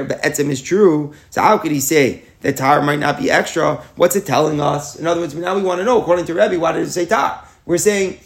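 Fast, gravelly Talmud teacher. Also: male voice, on the high side. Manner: explains aloud with rhetorical questions, mixes Hebrew and Yiddish terms. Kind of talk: daily Talmud class lecture.

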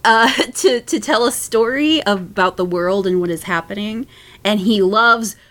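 A woman talking as a podcast guest in a casual chat, laughing often and pausing on fillers. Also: mid-range voice, a bit bright.

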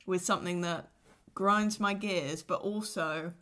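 A woman's voice: lowish voice, fairly even intonation, measured pace, fairly bright tone. A young woman hosting a casual podcast chat, chatty and playful. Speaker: podcast host.

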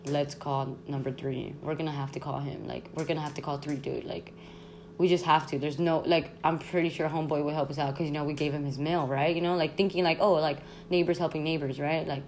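Lower-voiced young woman telling a story. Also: brisk, slight background noise. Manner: animated, slangy, constant "like", swearing, laughs often. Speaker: podcast host. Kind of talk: casual storytime monologue.

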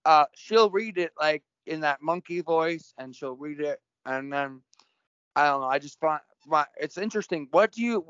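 A man's voice: on the high side, fairly bright tone, smooth, dry recording. A man hosting a casual spiritual conversation, playful and joking, laughing often. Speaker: podcast host. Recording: dull lo-fi sound.

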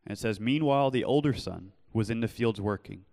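A young man preaching earnestly in a church, telling his own story and then pleading gently with listeners. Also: lowish voice, fairly quick, vocal fry, big-room sound. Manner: earnest, shifts from loud storytelling to soft pleading. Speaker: pastor. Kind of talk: sermon with personal testimony. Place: church hall.

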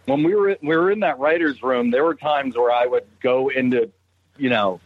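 A man from Brockton telling a story in casual chat, animated and profane. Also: medium pitch, normal speed, dry recording, narrow, tinny audio. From Brockton, Massachusetts.

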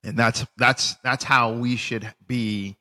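A man co-hosting a casual faith podcast, animated and lively, who stumbles and restarts his words. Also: medium pitch, slow, big-room sound. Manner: animated, acts out voices in retellings, restarts words. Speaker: podcast co-host. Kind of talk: casual faith discussion with scripture reading.

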